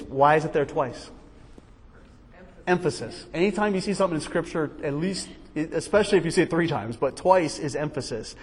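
A man leads a Bible study in a lively, conversational manner, throwing out one rhetorical question after another. His voice sits a little high for a man. A long reverb from the hall lingers after his words.

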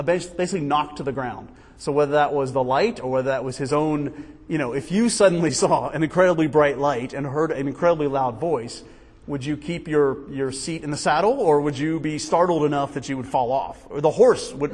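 A man teaching a Bible study class in a conversational, animated way, asking many rhetorical questions. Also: fairly high pitch, a little fast, in a large hall.

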